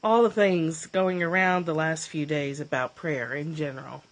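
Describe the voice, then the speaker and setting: A woman hosting a casual livestream from her phone, emotional and choked up, gushing and laughing, often clearing her throat. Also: low voice, steady tone, normal speed. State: teary, choked up. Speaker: livestream host, former therapist.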